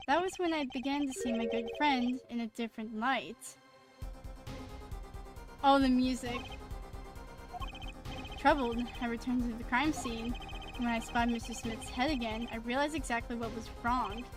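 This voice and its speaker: Woman reading a suave calm male lawyer. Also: a little high, moderate pace, pauses often, music in the background, natural voice. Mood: composed.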